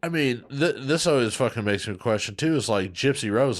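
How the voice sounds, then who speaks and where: A man's voice: medium pitch, animated, fairly quick. A man co-hosting a podcast who rants in disbelief, swearing heavily as he talks. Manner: heated, incredulous, heavy swearing. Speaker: podcast co-host. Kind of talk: casual true-crime chat.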